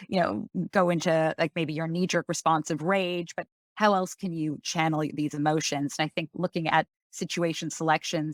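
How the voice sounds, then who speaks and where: A woman's voice: low-pitched, no room sound, studio quality. Thoughtful woman explaining in casual talk. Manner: thoughtful, with many fillers such as "sort of" and "like". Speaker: psychiatrist guest. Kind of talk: explanatory conversational discussion.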